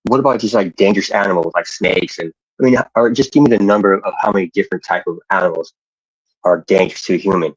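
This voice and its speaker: A man's voice: deep voice, fast, breathy edge, dry recording, dull audio. A man chatting casually into earphones, stumbling and restarting his questions and swearing offhand. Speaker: streamer. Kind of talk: casual chat.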